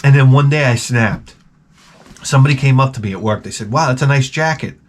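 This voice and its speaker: A man hosts his retro gaming channel in a rambling comedic monologue, hopping from joke to joke and swearing constantly. His mid-range voice moves briskly, with slight background noise.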